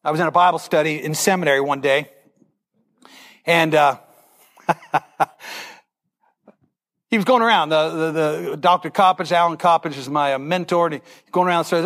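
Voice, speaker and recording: A man's voice: fairly high pitch, normal speed, long pauses, a bit bright. A middle-aged male pastor telling a Bible story in a sermon, acting out the characters' lines with animation.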